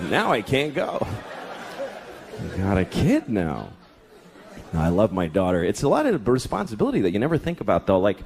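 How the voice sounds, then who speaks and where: A man in his thirties doing a stand-up set, exasperated and profane, dropping into mocking voices. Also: medium pitch. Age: 30s. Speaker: stand-up comedian. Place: comedy club stage. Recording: live club recording with loud crowd laughter and noise.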